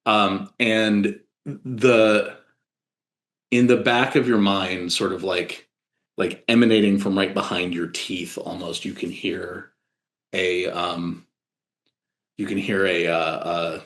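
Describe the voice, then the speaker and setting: Slow, halting male game master. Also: deep voice, steady tone, a bit bright, reverberant. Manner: halting, many fillers and restarts. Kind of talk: narrating a tabletop game.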